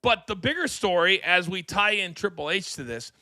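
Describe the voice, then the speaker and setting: Bright, energetic male talk-show host. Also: high voice, dry recording, clean studio sound. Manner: energetic, fast promo-style delivery. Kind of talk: live wrestling talk show. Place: studio.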